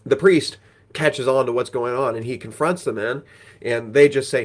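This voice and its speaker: A man's voice: mid-range voice, normal speed. A man reading scripture aloud and retelling it in a conversational, folksy way as a Bible teacher. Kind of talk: scripture reading with casual commentary.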